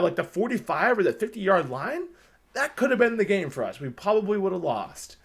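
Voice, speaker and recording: A man co-hosting a casual sports podcast, excitable and rambling, swearing often as he talks. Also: high voice, normal speed, creaky, slightly rough. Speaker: podcast co-host.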